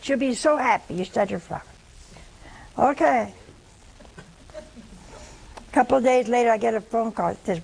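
An older woman preaches with a gravelly, slightly high voice, mixing homely stories and humor into her teaching. She acts out the people in her anecdotes. A faint hiss sits under the recording. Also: normal speed, long pauses, a little mellow, rough recording. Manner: folksy, humorous, acts out quoted dialogue. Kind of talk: sermon with storytelling.

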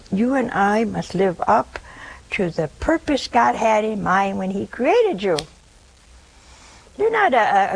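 A nun giving a spiritual talk in a conversational, gently teasing way, often checking in with her listeners with rhetorical questions. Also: mid-range voice, slight background noise, rough recording.

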